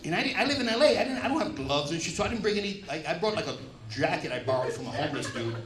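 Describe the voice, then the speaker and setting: On a comedy club stage, a middle-aged New York-accented comic of Puerto Rican background, raised in the Bronx, delivers a brash, profane stand-up set. He speaks very fast in a slightly high, expressive voice. Audience laughter and crowd noise fill the echoey live room.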